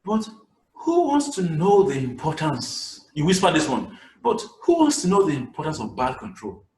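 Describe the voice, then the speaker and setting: Guy teaching public speaking, higher voice, jumps loud then whispery, echoey room a bit far off. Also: normal speed. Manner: animated, swings between loud and whispered delivery. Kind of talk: lively webinar lesson. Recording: echoey room, somewhat distant mic.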